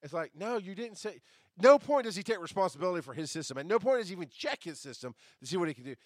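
A man hosting a podcast, telling a story in a casual monologue, jumping between loud outbursts and quiet asides and swearing as he rants. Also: high-pitched, sing-song, racing, no room sound, studio quality. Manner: swears casually while ranting. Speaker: podcast host.

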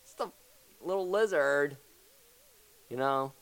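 A man's voice: a little high, slow pace, creaky, fairly bright tone, smooth, no room sound. A young man hosting a comedy talk show, ranting in a rambling, profane, mock-serious way. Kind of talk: improvised comedy rant.

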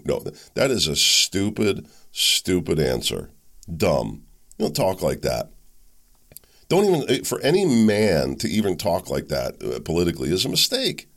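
With a rumbling low voice at a measured pace, a man hosts a political talk show and delivers a blunt, opinionated monologue. He's animated, restarts often, and slips into mock voices.

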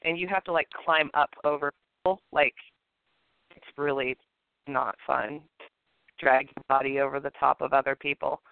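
A woman co-hosting a podcast, telling a personal story in a casual, animated way and acting out the people in it. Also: a bass voice, moderate pace, creaky, long pauses, smooth, no echo. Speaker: podcast co-host. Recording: tinny phone-line sound.

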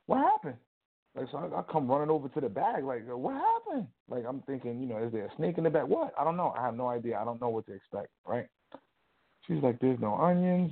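A man co-hosting a casual talk show, telling a rambling, animated story full of fillers. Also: mid-range voice. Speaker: co-host. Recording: tinny phone-like audio.

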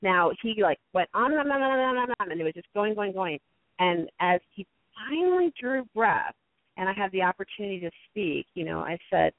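A woman telling stories as a guest in a casual interview, acting out what people said with quick jumps into a high voice. Her voice has a slightly gravelly edge. The sound is dry and thin, like a phone line. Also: dry recording. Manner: animated storyteller, acts out quotes in a high voice. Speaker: guest speaker on conflict.

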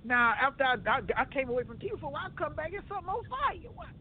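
A man co-hosting a casual talk show, telling stories in an animated way and repeating himself. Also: very high voice, fast talker, a little hiss or hum. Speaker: co-host. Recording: tinny phone-like line.

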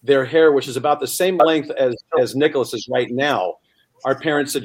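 A middle-aged man, a singer, chatting casually and telling stories and jokes with lively voices. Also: medium pitch, normal speed. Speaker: singer and guest.

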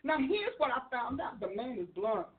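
A woman preaches with excitable energy, often laughing and acting out the voices in her stories. Her voice sits high. The sound is thin and phone-like. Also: moderate pace. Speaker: preacher and author. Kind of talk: sermon. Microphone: livestream.

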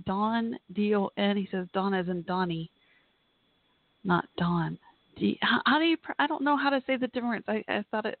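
A chatty woman hosting a call-in podcast from her home office. She thinks out loud and apologizes often. The sound is dry and thin, like a phone line. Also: mid-range voice, dry recording. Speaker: podcast host. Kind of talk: casual call-in show chat.

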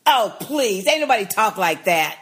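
Blunt loud-mouthed woman podcaster, voice jumps all over the place. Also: medium pitch, moderate pace, breathy edge. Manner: blunt, profane, animated and emphatic. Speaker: podcast co-host. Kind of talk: casual TV recap chat.

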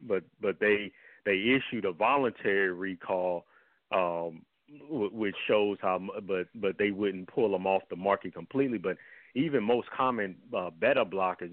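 A man's voice: low voice, no echo. A man speaking as a health guest on a radio talk show, blunt and heated in his manner. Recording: tinny phone line, dry.

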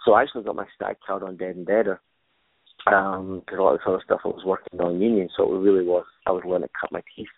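A man's voice: low voice, little pitch movement, fast, dry recording. A man, a stuntman and actor, telling stories from his career in a casual interview, rambling with many fillers and restarts. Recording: tinny phone-like line, dry.

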